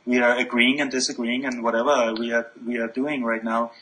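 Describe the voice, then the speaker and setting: A man speaks as an interview guest in a bright, clear-edged voice. He thinks aloud, restarting his phrases often as he reaches for the next idea. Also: mid-range voice, level tone, low-quality recording. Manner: reflective, halting with many restarts. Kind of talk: spiritual conversation.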